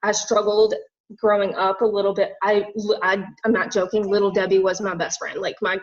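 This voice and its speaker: A young woman from the American South gives a rambling, heartfelt personal testimony to a group. Her speech is loose and chatty, packed with "like" and "literally." She sits at a mid pitch, and the recording sounds dull and lo-fi. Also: flat delivery, normal speed. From Southern United States. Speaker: fitness and nutrition coach.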